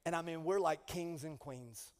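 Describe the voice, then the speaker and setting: A man's voice: on the high side, moderate pace. A middle-aged male pastor preaching a humorous sermon, telling stories with comic energy and calling out to the congregation. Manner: animated, comic, with rising call-outs to the congregation. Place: church sanctuary. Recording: long reverb of a large hall.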